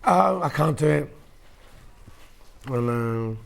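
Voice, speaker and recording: A man's voice: on the high side, lively intonation, takes it slowly, gravelly. A man presenting fabrics on a shopping channel in casual on-air chat, reading viewer messages aloud. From United Kingdom.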